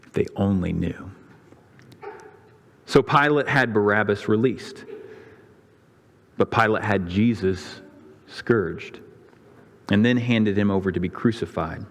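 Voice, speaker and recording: Guy preaching in a church, low voice, long echo off the hall, acts out the crowd lines. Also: slow, long pauses. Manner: dramatic storytelling, voicing the crowds' and priests' lines with rising pitch. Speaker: pastor. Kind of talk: sermon retelling a scripture story. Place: church sanctuary.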